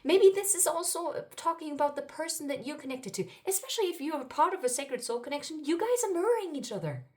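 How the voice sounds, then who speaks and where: Woman, card reader, higher voice, excitable and exclamatory. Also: quick pace, hardly any pauses. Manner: excitable, exclaiming, swings between murmuring and loud. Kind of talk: intuitive card reading to viewers.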